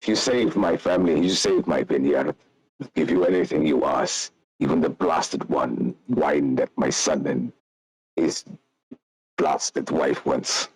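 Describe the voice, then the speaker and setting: A weary old vintner pleads in formal, archaic speech, as a man voices him. The voice is very deep and gravelly-gruff. It sits close and dry, with no room around it. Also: measured pace, darkish tone, dry recording, heavily acted, low-quality recording. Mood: exasperated. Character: weary old male vintner, proud family patriarch.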